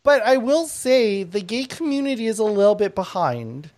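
A woman hosts a casual comedic panel discussion with a blunt, provoking delivery. Her pitch sits in a middle range, and she laughs often between lines. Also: big pitch swings, moderate pace, a little mellow. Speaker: panel show host.

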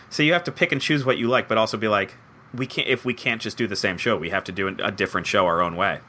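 Bright-voiced young man, animated interview answers. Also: mid-range voice, quick pace. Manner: animated, acts out quoted voices, self-deprecating. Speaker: head writer of a comedy show.

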